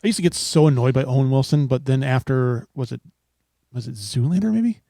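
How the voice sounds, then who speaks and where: A man co-hosting a laid-back podcast, with a voice of middling pitch recorded dry. He chats easily and chimes in with short quips. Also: a little fast, creaky, warm tone, dry recording. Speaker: podcast co-host. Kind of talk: casual chat.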